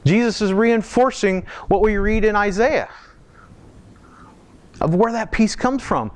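A man with a slightly higher-pitched voice preaches to his congregation in a relaxed, conversational sermon. He poses questions to the room and stretches out key phrases for emphasis. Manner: slows down and lifts pitch for emphasis. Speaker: pastor. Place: church.

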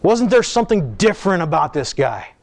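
A man preaching a sermon, retelling stories in a conversational way with lively quoted asides. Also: sits high, a little fast, creaky, a little hiss or hum. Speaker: pastor.

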